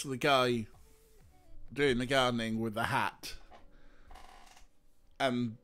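A man's voice: mid-range voice, fairly even intonation, slow pace, fairly bright tone, soft background music. A man giving casual, joking commentary while streaming an adventure game. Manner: joking, mock-posh asides. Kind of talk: casual let's-play commentary.

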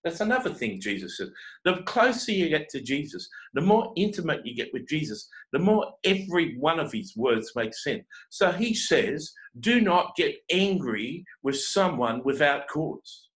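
A man preaching a confrontational sermon, his fairly high voice swinging widely in pitch. He scolds the listener with run after run of rhetorical questions and often restarts his sentences on a repeated word. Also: very animated, moderate pace, fairly bright tone, low-quality recording. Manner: repeats words when starting sentences. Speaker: self-described prophet and teacher.

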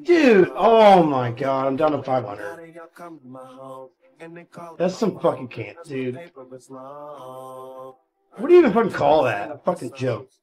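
A man live-streaming his gambling, swinging between low muttered gloom and loud shouted hype, swearing constantly. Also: very animated, measured pace, pauses often.

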